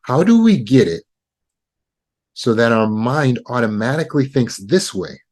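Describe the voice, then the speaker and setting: A man teaching self-help in a steady, mid-pitched voice. He explains each step plainly and says his key points again and again. He speaks like someone coaching a group through an exercise. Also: unhurried. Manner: repetitive, instructive, walks through steps. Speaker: trauma recovery teacher.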